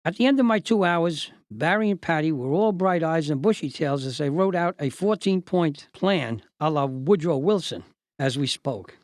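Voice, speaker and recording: An older man hosting and narrating a memoir story in a measured, deliberate, lawyerly way. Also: a little high, expressive, no room sound. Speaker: host and narrator.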